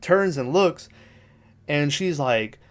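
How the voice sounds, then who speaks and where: A man's voice: on the high side, animated, slow, slight background noise. A man hosting a podcast, recapping a film in a rambling, casual, profane way, laughing now and then. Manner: rambling, profane, laughs while retelling scenes. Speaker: podcast host.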